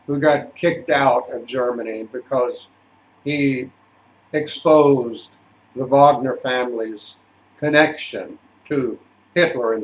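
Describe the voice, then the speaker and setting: Slow, indignant older man telling stories. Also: medium pitch, lo-fi sound. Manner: indignant, deliberate anecdotal telling. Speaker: opera singer and voice teacher. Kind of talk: storytelling monologue. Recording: echoey room.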